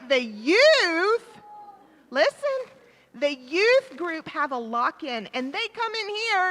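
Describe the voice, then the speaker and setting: A woman leading a children's time in a church service, asking the children questions and warmly repeating their answers, speaking into a microphone in the sanctuary. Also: very high-pitched. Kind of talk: interactive children's talk with questions. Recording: reverberant church hall.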